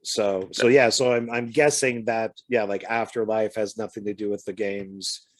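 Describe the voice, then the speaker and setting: A man's voice: on the low side, steady tone, moderate pace. A man co-hosting a casual film chat, chatty and hesitant, often stumbling over his words. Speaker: co-host.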